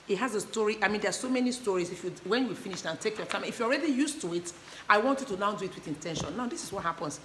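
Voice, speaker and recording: A woman's voice: medium pitch, fairly bright tone. Earnest woman teaching parents, echoey room. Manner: earnest, repetitive, asks "do you understand?". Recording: echoey room with faint background noise.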